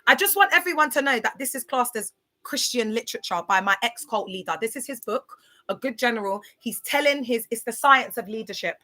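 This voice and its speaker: A woman's voice: a little high, lively intonation, fairly quick, bright, forceful tone. A woman, chatting bluntly and casually on a livestream, repeating herself and calling out to viewers by name.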